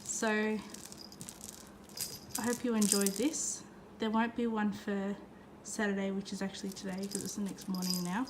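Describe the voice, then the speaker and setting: A woman's voice: mid-range voice, flat delivery, normal speed, background noise. A woman vlogging in a chatty, casual way, cooing at her pets. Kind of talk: casual vlog chat. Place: outdoors in front of an ice cream shop, then at home.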